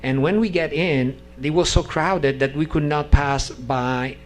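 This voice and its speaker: Man with a raised voice, English as a second language, lively personal storyteller, halting delivery; guest speaker at a devotional gathering. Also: fairly high pitch, faint music behind. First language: not English. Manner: animated, acts out dialogue in story; halting, restarts sentences.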